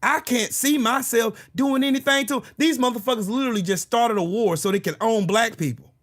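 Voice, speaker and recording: A man with an unusually high, piercing voice delivers a combative political rant on his own channel. His tone is bright and sharp, and he keeps cursing and breaking into shouts. The rant is relentless and confrontational throughout. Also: brisk. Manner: profane, combative, bursts into shouting. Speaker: political commentary channel host.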